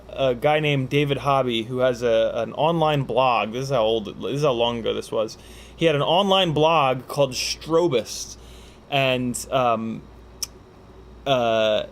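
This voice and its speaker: During a casual livestream Q&A, a man with a medium-pitched voice reads questions from viewers, rambling, joking and swearing with lots of filler words. There's slight background noise.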